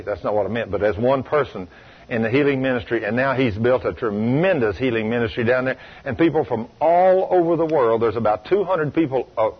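A man's voice: medium pitch, husky. A man preaching a sermon, telling stories emphatically and asking the congregation rhetorical questions. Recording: dull lo-fi recording.

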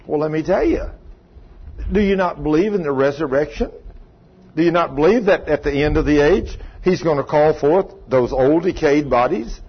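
An older man preaches in an easy, folksy manner, often tossing questions at his listeners. His voice is husky and sits a little high for a man. The recording is dull and lo-fi. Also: moderate pace. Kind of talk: conversational sermon.

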